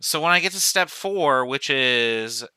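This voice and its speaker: A man's voice: mid-range voice, animated, unhurried, pushed and bright, clear, resonant tone, dry recording. A man teaching chemistry in a recorded lecture, talking through each step aloud, counting as he goes and correcting himself along the way. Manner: talks through steps aloud, counting dots, with self-corrections. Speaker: chemistry professor.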